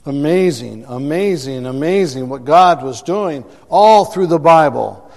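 Slow, high-voiced man preaching. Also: expressive, long reverb tail. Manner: emphatic preaching, repeats words for effect. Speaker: pastor. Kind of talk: sermon.

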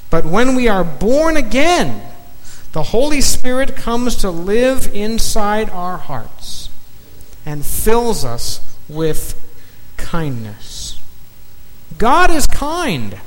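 A man preaching a sermon in slow, emphatic phrases, dropping to a near-whisper on key words. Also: sits high, big pitch swings. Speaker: pastor. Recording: long reverb of a large hall, faint noise.

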